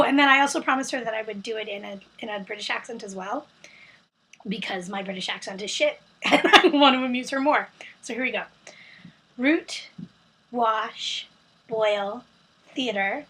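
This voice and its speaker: A chatty young woman talks casually into a webcam mic. Her voice sits fairly high and a little breathy. She rambles, fills pauses with ums and corrects herself as she goes. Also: a bit bright, poor audio. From United States. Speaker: vlogger. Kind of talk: casual accent-challenge vlog, reading a word list.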